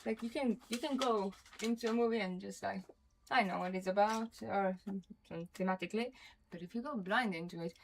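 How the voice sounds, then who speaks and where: A young woman chats loosely to her stream audience at an ordinary middle pitch. She wanders from thought to thought with constant "like"s and self-deprecating asides. She swears freely and sounds relaxed. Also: a little fast, vocal fry, slight background noise. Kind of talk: casual chat to a live stream chat.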